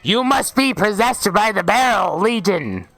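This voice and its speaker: A man voicing a crazed drunken man who rants and shouts in a high, strained voice. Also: slow, creaky, heavily acted. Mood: frantic. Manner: shouting, frantic. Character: crazed drunken man ranting about evil barrels.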